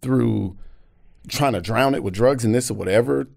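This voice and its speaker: A man's voice: mid-range voice, moderate pace, gravelly, dry recording, clean studio sound. An American man, a comedian guest, telling personal stories candidly and acting out other voices. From United States. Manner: animated, acts out voices. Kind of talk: candid storytelling chat.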